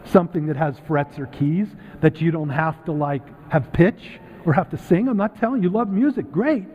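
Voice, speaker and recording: A middle-aged man with a high, slightly rough voice preaches as a guest speaker to a congregation in a church sanctuary, at a moderate pace. His manner is conversational and animated, and he acts out quoted voices. The audio sounds thin and phone-like, with long hall reverb.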